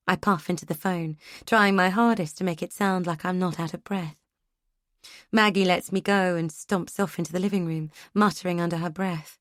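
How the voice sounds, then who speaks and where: A woman narrating an audiobook in a measured, even reading. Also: fairly low pitch, no room sound, clean studio sound. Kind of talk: scripted narration.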